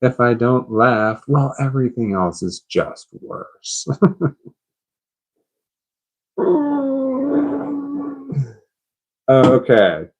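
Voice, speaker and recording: A man's voice: mid-range voice, slow, hardly any pauses. A man chatting on a live stream, puzzled and rambling, laughing at himself.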